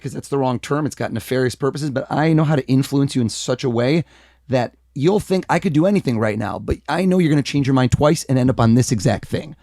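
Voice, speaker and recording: A man from the United States, a mentalist guest, talking in a casual interview in a lively, animated way. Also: mid-range voice, no room sound, studio quality. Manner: energetic, animated, acts out quoted voices.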